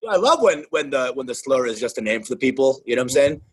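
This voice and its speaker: A man's voice: medium pitch, very animated, fast, slight background noise. A young man co-hosting a comedy podcast, riffing and laughing as he chats. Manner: joking, laughing, riffing on bits. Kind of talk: casual comedy podcast banter.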